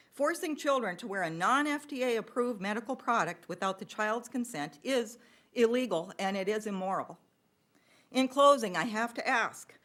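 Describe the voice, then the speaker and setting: A woman's voice: mid-range voice, fairly bright tone. A woman reading a prepared public comment at a school board meeting, insistent and accusatory.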